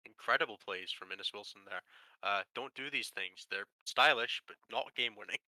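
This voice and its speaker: A man's voice: on the low side, moderate pace, sharp tone, dry recording, low-quality recording. A man with a Scottish accent giving casual, joking live commentary on a tabletop wargame. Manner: joking, laughing, teasing banter.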